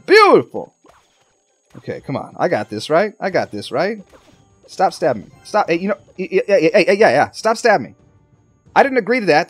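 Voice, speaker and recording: Excitable high-voiced man commentating a game. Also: slightly rough. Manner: excitable, talks to the game and viewers. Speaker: gaming commentator. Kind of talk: live gameplay commentary.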